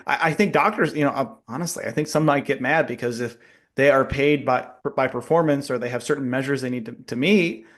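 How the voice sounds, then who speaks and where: A man who works as a pharmacist, co-hosting a podcast in casual chat, animated and quick to laugh. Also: mid-range voice.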